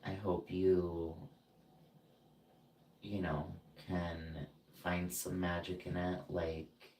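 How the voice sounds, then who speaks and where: A man with a very low voice pours out a personal grievance at a slow, dragging pace, breaking off and restarting his thoughts. He is set back from the mic in an echoey room. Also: little pitch movement, a little mellow, a little hiss or hum. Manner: ranting, indignant, halting with frequent fillers. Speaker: vlogger. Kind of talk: emotional personal vent. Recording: roomy, distant from the mic.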